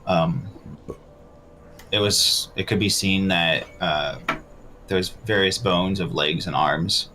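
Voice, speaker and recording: Brief: deep-voiced game master narrating loot and scenes. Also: male voice, takes it slowly, pauses often, noisy background.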